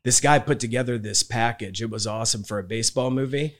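A man hosting a podcast, chatting casually in a relaxed, rambling way. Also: mid-range voice, fast talker. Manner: relaxed and rambling, with many fillers. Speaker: podcast host. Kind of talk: casual chat.

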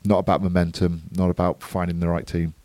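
A man's voice: deep voice, flat delivery, a little fast, darkish tone, no room sound. A man co-hosting a podcast, giving a matter-of-fact, analytical match recap in casual chat. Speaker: podcast co-host.

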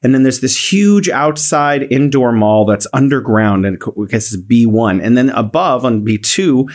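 A man's voice: medium pitch, expressive, unhurried, a little mellow. A young man co-hosting a casual talk show, rambling through long descriptive stories and acting out voices in his anecdotes. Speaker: podcast co-host. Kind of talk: casual chat.

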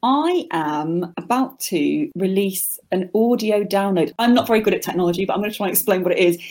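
A woman who is an actress and radio writer, chatting on a podcast with animated, quick anecdotal storytelling. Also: mid-range voice. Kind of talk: casual podcast chat.

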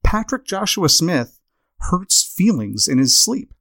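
A man's voice: high voice, sing-song, slow, gravelly, a bit bright, no echo, clean studio sound. Rambling self-deprecating male podcast host. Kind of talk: comedic podcast monologue.

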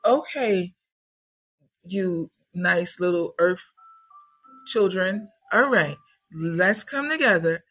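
A woman voicing kindly elevated ancestor spirits who coax and gently scold in a motherly way. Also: on the low side, lively intonation, slow pace, long pauses, slightly rough, faint music behind, full character voice.

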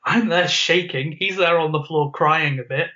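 A man co-hosting a podcast, telling an animated story with frequent laughs and acted-out quotes. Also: a little high, moderate pace. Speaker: podcast co-host. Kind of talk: casual storytelling chat. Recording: muffled lo-fi podcast audio.

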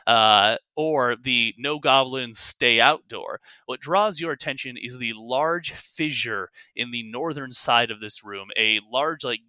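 A man's voice: mid-range voice, pushed and bright, clean tone, no echo. A young man narrating as game master of a tabletop game, rambling with fillers and self-corrections.

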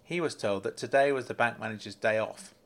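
A man narrating a story in a measured, matter-of-fact way. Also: on the low side. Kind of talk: storybook reading.

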